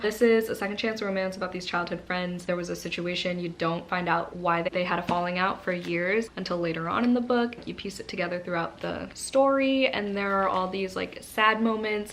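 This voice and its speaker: A woman's voice: mid-range voice, a bit bright, a little hiss or hum. A young woman chatting casually as she reviews books, candid and swearing freely. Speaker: book vlogger. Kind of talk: casual book review chat.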